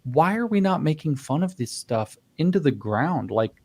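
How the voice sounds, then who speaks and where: A man in casual podcast chat, ranting in an animated, mocking way and swearing freely. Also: fairly high pitch, normal speed, breathy edge. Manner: animated, profane, mocking rants. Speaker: podcast panelist.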